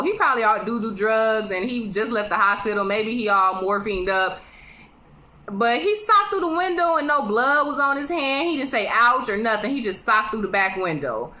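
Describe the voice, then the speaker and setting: A chatty woman gives a casual recap of a TV episode. Her voice is bright and sits a little high, and she stays animated, laughs often and talks straight to her viewers. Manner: addresses viewers directly with quick asides. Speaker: TV show reviewer.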